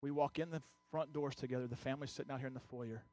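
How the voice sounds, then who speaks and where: A man's voice: mid-range voice, steady tone, racing, a little mellow. A male pastor preaching a sermon, telling a personal story before urging the congregation with rising intensity. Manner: storytelling that builds to urgent exhortation.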